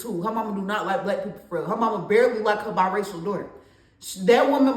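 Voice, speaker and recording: A woman's voice: on the high side, reverberant. Candid young woman telling a story. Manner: candid, conversational, with laughs and slang. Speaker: storytime vlogger. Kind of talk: casual storytime monologue.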